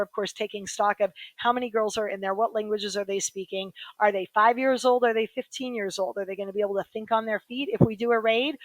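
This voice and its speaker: Frank, brisk woman with a dry voice. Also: mid-range voice, no room sound, poor audio. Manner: brisk, frank and vivid, quick asides with "you know". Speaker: human rights attorney, guest. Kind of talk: candid conversational storytelling.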